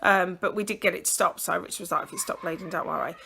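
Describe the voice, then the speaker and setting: British mum vlogger, 30s, bright and chatty, handheld camera at home. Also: female voice, fairly low pitch, steady tone, fast talker, creaky, a little hiss or hum. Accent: British English. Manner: chatty, rambling, lots of ums. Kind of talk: casual vlog chat to camera. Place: at home and out at the shops.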